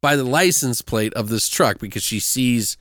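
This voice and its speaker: A man recapping a movie in casual chat, animated and profane, sometimes mocking characters with put-on voices. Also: mid-range voice, normal speed, no room sound, studio quality.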